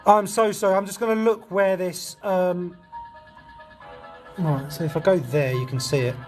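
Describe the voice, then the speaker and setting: A man's voice: sits high, fairly even intonation, moderate pace, faint music behind. A man chatting casually on a ghost-hunting livestream, talkative and jumpy, swearing when startled outdoors.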